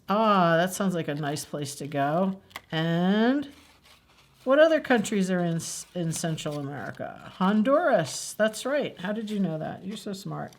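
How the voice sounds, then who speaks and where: A woman hosting a library story time, chatting her way through a children's craft and asking the kids questions. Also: mid-range voice. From New Jersey.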